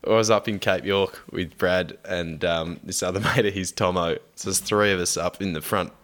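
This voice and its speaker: A man's voice: sits low, fairly even intonation, moderate pace, fairly bright tone. An Australian man, a young adult, swearing freely and telling stories animatedly in casual chat.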